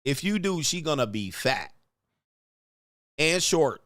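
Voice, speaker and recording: A man's voice: on the high side, big pitch swings, takes it slowly, fairly bright tone, no room sound, clean studio sound. Blunt, mocking male commentator. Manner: blunt, mocking, profane, mimics voices. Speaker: host. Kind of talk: casual commentary rant.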